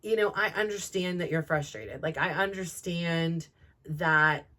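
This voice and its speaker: Rambling through a personal story on the show she hosts, this middle-aged woman is frank and self-reflective, leaning constantly on "like" fillers. Her unhurried delivery has a fairly low pitch and a bright, pushed quality.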